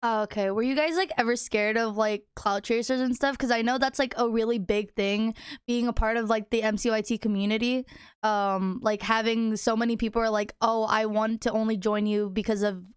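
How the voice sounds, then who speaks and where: A woman's voice: a little high, fairly even intonation, fairly quick, clean tone, no room sound, studio quality. A young woman hosting a casual chat show, teasing her guests and laughing often. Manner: giggly, teasing. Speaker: podcast host.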